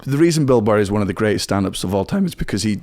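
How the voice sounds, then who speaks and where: A man's voice: lowish voice, lively intonation, a little mellow. A Scottish comedian in his twenties talking bluntly and swearing freely in a podcast chat. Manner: blunt, rapid, heavy swearing. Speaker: guest comedian. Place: home studio.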